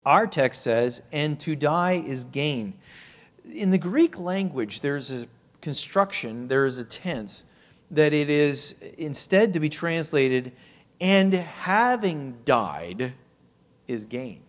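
A man preaching a sermon, teaching from a Bible passage, slowing down to stress key phrases and asking rhetorical questions. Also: fairly high pitch, big pitch swings. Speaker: pastor.

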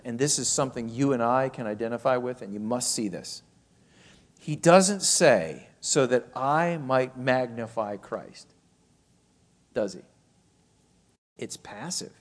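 A pastor with a mid-range voice preaches a sermon, teaching from a Bible passage. He slows down to stress key phrases and poses rhetorical questions.

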